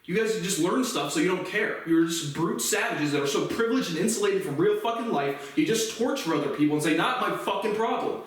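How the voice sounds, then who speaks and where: A man delivering an angry, profane vlog rant that bursts into shouting. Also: high-pitched, lively intonation, a little fast, few pauses, far from the mic. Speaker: vlogger. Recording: very echoey room, voice off-mic.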